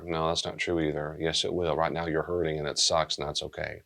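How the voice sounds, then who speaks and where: A man's voice: a bass voice, level tone, brisk, vocal fry, a bit bright. A man speaking as a pastor, giving a conversational, blunt talk on pastoral care and acting out short bits of dialogue.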